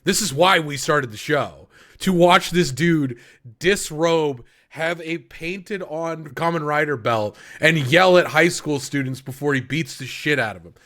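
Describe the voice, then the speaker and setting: Excitable, swearing man on a podcast. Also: fairly high pitch, a little slow. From United States. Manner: excitable, profane, emphatic. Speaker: podcast co-host. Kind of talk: casual anime review chat.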